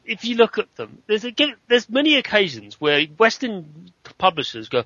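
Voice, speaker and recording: A man with a bright, forceful voice talks emphatically in a relaxed podcast chat. The sound is dry and a little dull. He sits slightly above the other men in pitch. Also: moderate pace, no room sound. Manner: animated, emphatic complaining. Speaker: podcast panelist. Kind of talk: casual chat.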